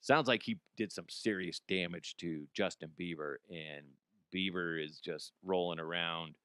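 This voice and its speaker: A man's voice: deep voice, measured pace, a bit bright, clean tone, no room sound, clean studio sound. A man hosting a comedy show, riffing sarcastically on odd news stories, swearing freely and jumping into mocking voices. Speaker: comedy podcast host.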